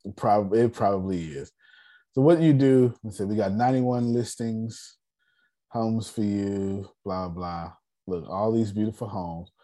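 Hosting an informal personal finance session by video call, this man talks straight to his group with lots of slang and energy. He has a lowish voice at normal speed.

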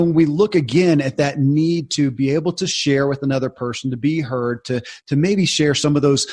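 A man's voice: medium pitch, husky. A man hosting an interview show, asking long, searching questions and reading the show's links. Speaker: podcast host.

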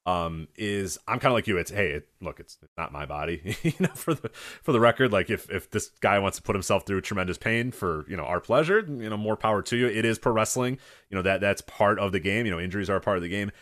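A man hosting a podcast in casual chat, rambling and animated, with lots of restarts and filler words, casually swearing and acting out quoted voices. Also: lowish voice, quick pace. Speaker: podcast host.

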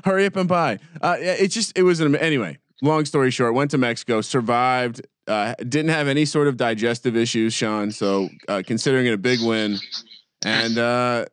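A man's voice: mid-range voice, moderate pace, smooth, dry recording, studio quality. A man co-hosting a sports podcast, telling a rambling, profane story with lots of restarts. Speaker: podcast co-host. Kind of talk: casual sports chat.

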